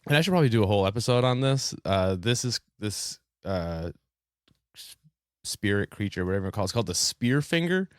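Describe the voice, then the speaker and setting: Laid-back, lively-voiced man hosting a podcast. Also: lowish voice, brisk, dry recording, studio quality. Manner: laid-back, swears casually, laughs often. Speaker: podcast host. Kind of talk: casual podcast chat.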